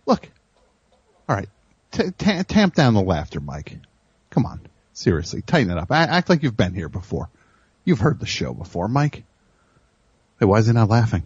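A man's voice: lowish voice, sing-song, moderate pace, long pauses, husky, no room sound, highs cut off. A man hosting a comedy radio show in a studio, rambling through stories and teasing his crew. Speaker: host.

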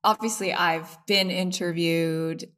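A woman's voice: lowish voice, takes it slowly. A woman, a former model and host, chatting as an interview guest and acting out quotes as she tells stories. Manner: animated storyteller, acts out quotes. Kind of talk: casual conversational interview.

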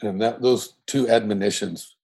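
An older man guest in a casual interview, reflective and theatrical in manner, with a husky voice. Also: on the low side, steady tone, normal speed, darkish tone. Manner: reflective, theatrical, slips into a mock Southern drawl. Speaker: guest actor.

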